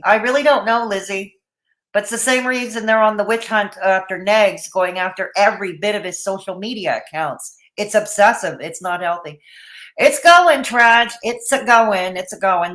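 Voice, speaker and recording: A woman's voice: medium pitch, a bit bright. Chatty woman livestream host. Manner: chatty, greets chat viewers by name; blunt, opinionated asides. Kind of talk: casual livestream commentary.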